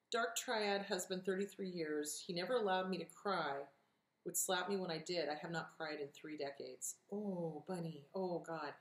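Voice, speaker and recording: A middle-aged woman from California hosting an advice show, blunt and direct, swearing freely as she answers viewer questions. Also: lowish voice. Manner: direct, emphatic, encouraging. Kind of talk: casual advice talk. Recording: echoey room.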